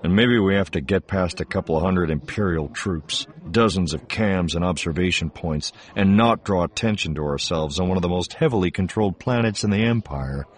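A man's voice: deep voice, a little fast, few pauses. A man reading an audiobook voices a wry, weary male space smuggler in a dry, sardonic way. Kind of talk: audiobook narration.

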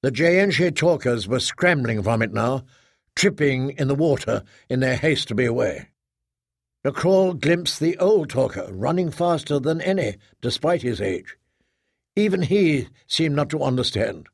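A man narrating an audiobook in a measured, even storytelling manner. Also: medium pitch, gravelly, no room sound, clean studio sound.

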